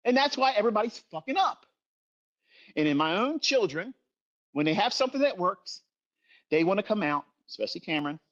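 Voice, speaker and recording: A man's voice: sits high, very animated, brisk, pauses often, fairly bright tone, muffled recording. Profane, scolding middle-aged man. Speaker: trading educator. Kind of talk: livestream rant.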